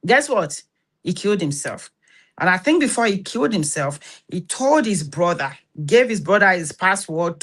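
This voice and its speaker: A woman from Nigeria with a Nigerian accent, hosting an advice talk, telling stories in an animated and preachy way and acting out the dialogue. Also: mid-range voice. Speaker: host.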